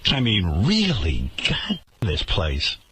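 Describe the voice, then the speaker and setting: A man's voice: low voice, wildly swooping pitch, slow pace, noisy background. A man hosting a radio talk show, ranting indignantly and sarcastically.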